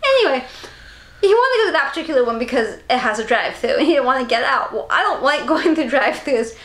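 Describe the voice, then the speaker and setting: Giggly high-voiced woman telling stories. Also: expressive, fast, a bit bright. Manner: giggly storyteller, acts out quoted voices. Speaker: podcast co-host. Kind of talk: casual chat. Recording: echoey room.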